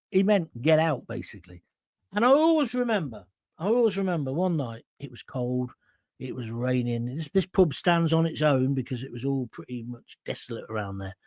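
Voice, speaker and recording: A man's voice: mid-range voice, no echo. An older man hosting a live show, telling anecdotes in a chatty way and often checking in with "right?". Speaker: host. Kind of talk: casual storytelling on a live show.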